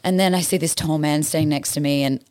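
An Australian woman who is a stage actress, chatting as a guest and telling lively stories, acting out quotes and laughing often. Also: low voice, fast talker. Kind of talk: casual interview chat.

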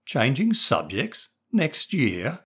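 A strict ex-army headmaster, acted by a man barks curt questions in a raised, loud voice. He is stern and cutting with every word. It is a storybook reading. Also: medium pitch, huge pitch swings, slow pace, breathy edge, pitched above the performer's own voice, exaggerated voice. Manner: barking, curt.

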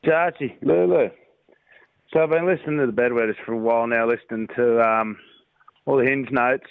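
A man's voice: medium pitch, brisk, creaky, clear, resonant tone, no echo. Man, caller, voice message, chatty, tinny phone-like sound, dry. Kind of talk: voice message to a podcast. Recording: tinny phone-line recording.

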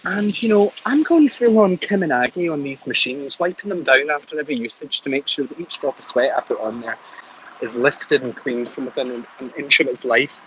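A man's voice: mid-range voice, brisk, fairly bright tone, slight background noise, low-quality recording. A man with a Scottish accent leaving a chatty, cheerfully ranting voice message for a podcast. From Scotland. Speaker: caller.

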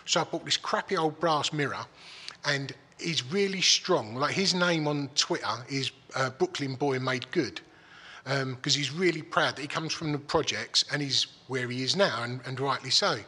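A man's voice: medium pitch, moderate pace, sharp tone, breathy edge. A man telling a story in casual chat, swearing freely and restarting his sentences. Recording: long hall reverb.

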